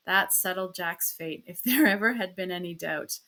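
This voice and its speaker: A woman reading a classic story aloud in the first person, with expressive shifts in pitch and loudness. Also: moderate pace, hardly any pauses. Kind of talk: storybook read-aloud narration.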